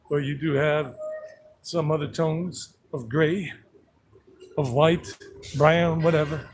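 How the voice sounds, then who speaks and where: A man's voice: a little high, poor audio. A man giving a playful, chatty walking-tour vlog outdoors in a town square. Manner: chatty, playful, talks to animals. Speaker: travel vlogger and tour guide. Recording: outdoor street noise.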